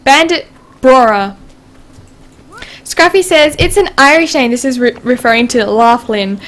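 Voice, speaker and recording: A woman's voice: high voice, unhurried, fairly bright tone. A woman hosting a casual gameplay livestream, chatting and giggling as she reads game dialogue aloud. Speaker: livestream host.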